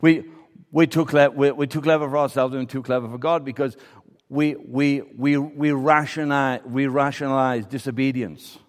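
A man's voice: medium pitch, fairly even intonation, moderate pace, hardly any pauses. A man preaching a sermon and telling a story, acting out the voices of the people in it. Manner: storytelling, acts out quoted voices. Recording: preaching in a reverberant hall.

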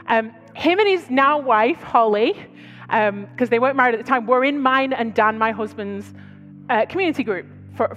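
A British woman with a high voice preaches in a chatty storytelling manner, full of asides. Her voice rings out with the long reverb of a big hall, and soft music sits faintly underneath. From Britain. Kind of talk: sermon. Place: large church hall.

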